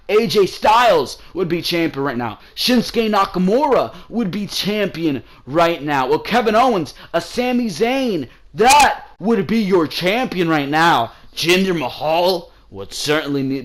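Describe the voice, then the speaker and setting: Man, wrestling-review host, heated profane rant, slightly high voice, casual. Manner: profane, heated ranting, often says bro.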